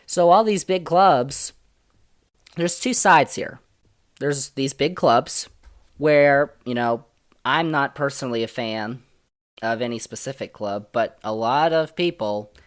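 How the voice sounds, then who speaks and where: A man hosting a solo sports podcast, talking in an opinionated, emphatic way that jumps between loud and soft. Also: medium pitch. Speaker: podcast host.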